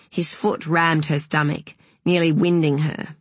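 A woman narrating an audiobook in a measured, unhurried way, with a breathy voice. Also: sits low, level tone, no echo.

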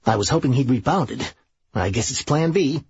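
Serge, a manic, brash schemer from an audiobook, played by a man. His voice is very husky, jumps around in pitch and races along, and the recording is dry and a bit dull. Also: animated, normal speed, darkish tone, no echo, full character voice. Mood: excitable.

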